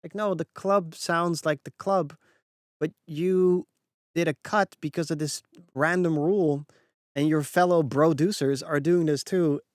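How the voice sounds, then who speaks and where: A man who works as a mixing engineer, explaining a music production point in an animated, casual tutorial that swears freely and acts out the people he quotes. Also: a little high, measured pace, dry recording, studio quality.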